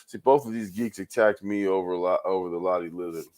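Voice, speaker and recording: A man's voice: low voice, quick pace, a little mellow. A man hosting his own show, ranting in loose commentary with frequent profanity, repeated words and laughs. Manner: rambling, profane, repeats himself, laughs often. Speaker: show host.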